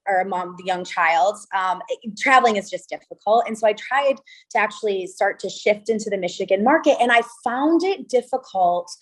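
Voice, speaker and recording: A woman in her thirties from California, a venue owner telling stories in an interview, chatty and animated with lots of quoted dialogue. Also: mid-range voice. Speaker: venue owner and wedding designer. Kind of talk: interview conversation.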